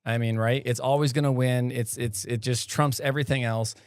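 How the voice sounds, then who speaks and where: Rambling American podcast host. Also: male voice, medium pitch, fairly even intonation, brisk, clear, resonant tone, dry recording. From California. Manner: loose, rambling, often asks "right?". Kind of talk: casual conversation.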